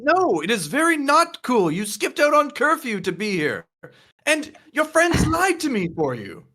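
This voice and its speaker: A woman's voice: high-pitched, wildly swooping pitch, a little slow, no room sound, studio quality, voice pushed up, exaggerated voice. A man voicing a fretful, scolding woman guardian who stammers when alarmed.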